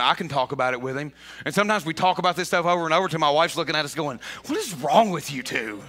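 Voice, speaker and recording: A man preaching a sermon as a pastor, animated, often repeating himself and rising toward shouts. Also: fairly high pitch.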